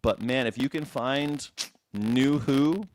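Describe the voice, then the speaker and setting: A man's voice: medium pitch, slow pace, no echo. A man hosting a call-in news reaction show from his seat, chatting playfully and rambling with lots of restarts. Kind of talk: casual live-stream chat. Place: seated indoors.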